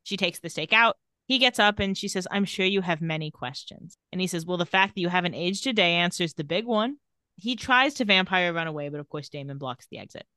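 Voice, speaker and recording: A woman with a fairly low, sharp-toned voice speaks fairly quickly while casually recapping a TV episode as a podcast co-host. She retells scenes and reads the characters' lines with light sarcasm, recorded in clean studio sound with no echo.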